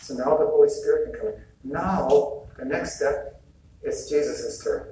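A man with a slightly higher voice gives a relaxed spiritual talk, chatty and quick to chuckle, slipping into little bits of dialogue as he tells it. He is heard from a distance in a very echoey hall, with faint room ambience underneath. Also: a little hiss or hum. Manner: conversational, chuckles often, acts out quoted dialogue. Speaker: retreat speaker. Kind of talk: informal talk on healing and faith.

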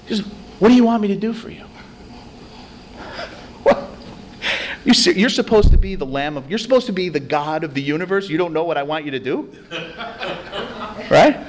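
Guy speaking to a recovery group, chatty and animated, medium pitch. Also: slight background noise. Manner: conversational, self-deprecating, animated storytelling. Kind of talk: spiritual recovery talk.

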